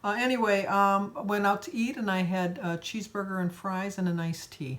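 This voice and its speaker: A woman's voice: medium pitch, steady tone, normal speed, fairly bright tone. A woman vlogger talking casually to her viewers in a rambling, chatty way. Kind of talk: casual vlog chat.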